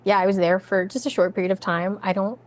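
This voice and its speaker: A woman's voice: mid-range voice, level tone, fast talker, a little mellow. Chatty Canadian woman, author guest. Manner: laughs easily, chatty and self-deprecating. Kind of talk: casual podcast chat.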